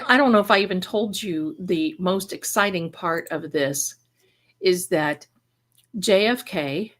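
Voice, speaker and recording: A woman with a lowish, fairly bright voice hosts a live stream as a spiritual reader, reading viewers' chat aloud and heaping endearments on them. Her manner is rambling and effusive, and she keeps cutting herself off mid-thought.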